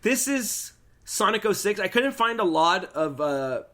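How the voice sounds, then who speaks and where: Man, fairly high voice, podcast host, casual chat, animated, stumbling. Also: unhurried. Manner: animated, laughing, stumbling restarts.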